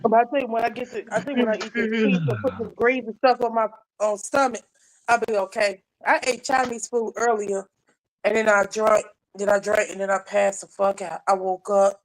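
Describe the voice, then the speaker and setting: A woman's voice: mid-range voice, steady tone, moderate pace, rough recording. A woman from North Carolina, chatting casually on a live panel, rambling with repeated restarts and frequent laughter. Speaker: live panel chat guest. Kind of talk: casual chat.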